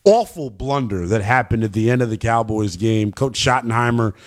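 A man's voice: mid-range voice, normal speed. Brash male sports radio host. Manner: brash, animated, trash-talking. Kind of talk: call-in sports talk.

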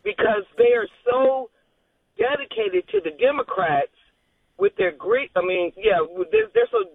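A woman's voice: high voice, wildly swooping pitch, a little slow, gravelly, breathy edge, dry recording. A woman calling in to a radio show, rambling, repeating herself and restarting phrases as she talks. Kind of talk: phone-in call. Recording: tinny phone line.

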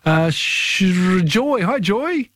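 A man hosting a radio quiz, chatting easily with callers as he reads out the questions. His voice sits a touch high, and the studio sound is close and dry. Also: sing-song, drawn-out words, fairly bright tone, no echo. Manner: chatty, takes callers one after another.

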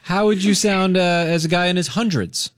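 A man hosting a morning radio show, chatting excitedly with a caller in the studio. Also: high-pitched, moderate pace.

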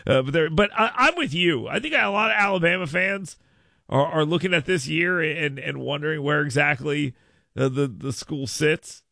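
A man hosting a sports stream with a gravelly, fry-heavy voice and a bright, forward edge. He talks off the cuff and keeps tripping over and repeating his words. The sound is close and dry. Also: on the high side, moderate pace, dry recording. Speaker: sports show host. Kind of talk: casual live-stream commentary.

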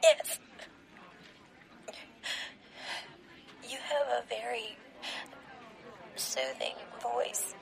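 A tearful grieving caller. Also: female voice, fairly high pitch, steady tone, slow, creaky, some chatter behind, heavily acted, rough recording. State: crying. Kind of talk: audio drama acting.

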